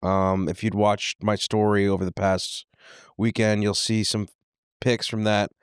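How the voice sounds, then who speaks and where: A man's voice: lowish voice, level tone, unhurried, clean tone, dry recording, studio quality. A man co-hosting a podcast in casual banter, rambling and often cutting himself off mid-sentence. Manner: rambling, self-interrupting, laid-back. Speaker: podcast co-host.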